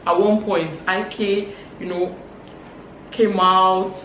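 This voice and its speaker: A woman with a Nigerian accent giving a casual gossip recap, animated and acting out quotes. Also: extremely slow. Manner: animated, acts out quotes in higher voices. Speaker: vlogger. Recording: roomy, distant mic, faint hum.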